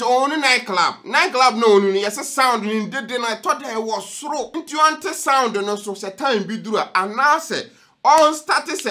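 A young Ghanaian man hosting a news reaction vlog, lively and jokey, switching between languages as he talks. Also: extremely high pitch. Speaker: vlog host.

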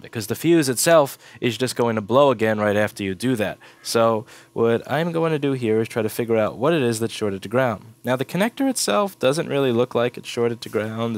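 A man with a stuffy cold walking through a circuit board repair at his workbench, blunt and swearing when annoyed. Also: on the low side. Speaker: repair technician. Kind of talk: casual repair walkthrough.

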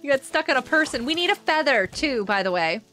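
A woman's voice: high voice, sing-song, fairly quick, sharp tone, faint music behind. A woman streaming a survival game, chatting playfully and scolding her teammates in mock outrage. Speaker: gaming streamer. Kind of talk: casual gameplay commentary.

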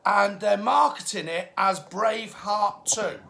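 A middle-aged English man with a Midlands accent chats through history facts on a live stream, cracking jokes and greeting viewers by name. His voice is gravelly, with a bright, forceful edge. He speaks loosely and casually, like a tour guide talking to friends. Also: high voice, measured pace, slight background noise. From England.

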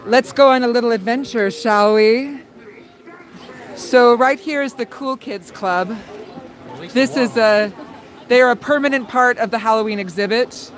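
A woman hosting a live walkthrough outdoors on a suburban street, excitedly exclaiming and talking to her viewers as she walks. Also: a little high, measured pace. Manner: excited, exclaiming, talks to viewers as "guys" and "dudes". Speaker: livestream host. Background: faint crowd of trick-or-treaters.

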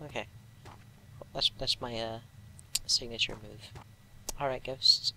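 A man's voice: mid-range voice, steady tone, slow pace, vocal fry, long pauses, bright, forceful tone, slight background noise, poor audio. A young man casually commentating a horror game, joking and muttering asides to himself. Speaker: gameplay commentator.

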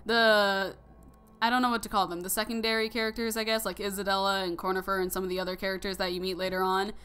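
A young woman giving casual, rambling gameplay commentary, full of fillers and quick laughs. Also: mid-range voice, flat delivery, bright, forceful tone, smooth. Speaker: let's play commentator.

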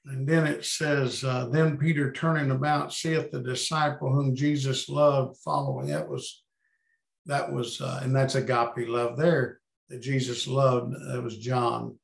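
A man's voice: mid-range voice, measured pace, gravelly, echoey room. A man leading a Bible study over a video call, thinking aloud as he reads and paraphrases scripture.

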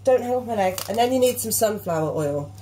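This woman in her thirties talks through a recipe in her home kitchen, coaxing her little boy and chatting instructively while filming on her phone. Her medium-pitched voice is animated and dark in tone, and she talks fast. The hand-held recording is noisy.

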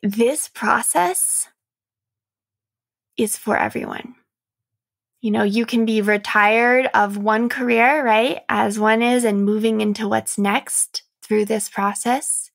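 Gentle woman with a gravelly edge. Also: fairly high pitch, steady tone, takes it slowly. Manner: soft, earnest, encouraging, with light laughs. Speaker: podcast host and coach. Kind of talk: reflective solo podcast talk.

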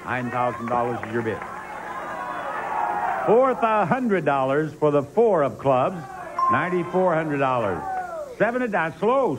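Man hosting a game show, raised voice. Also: high-pitched. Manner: drawn-out emphatic announcing to a studio audience. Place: television studio.

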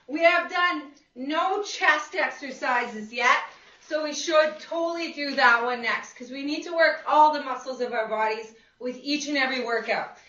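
Bright and forceful, this high female voice belongs to a fitness instructor leading a live seated exercise class. She keeps things upbeat and encouraging, calling out counts and cheering on the group gathered in the exercise room. It's recorded in an echoey space on a dull lo-fi mic set well away from her.

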